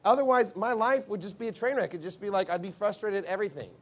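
A man's voice: high-pitched, fast talker. A man preaching a conversational sermon as a pastor, blunt and emphatic, rambling with asides.

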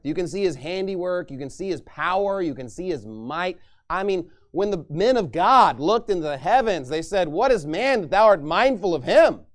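A male pastor preaching a sermon, emphatic and forceful, with mocking asides and scripture read aloud. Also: high-pitched.

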